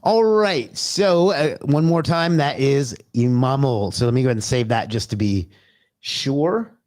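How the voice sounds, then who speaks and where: A man of medium pitch and darkish tone takes his time, with no echo around him. As host of a laid-back livestream, he calls out viewers by name, chats loosely, lets a curse slip here and there, and talks to himself.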